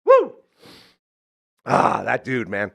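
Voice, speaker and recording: A man's voice: animated, fairly quick, slight background noise. A man hosts a casual talk show, effusive and upbeat. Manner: effusive and upbeat, with big swings in pitch. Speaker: radio show host. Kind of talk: casual chat.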